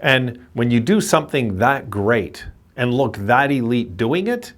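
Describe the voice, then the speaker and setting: A man's voice: mid-range voice, expressive, a little slow. A man giving a frustrated postgame rant as a hockey fan commentator, repeating himself and cursing at his team. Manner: frustrated, ranting, repetitive.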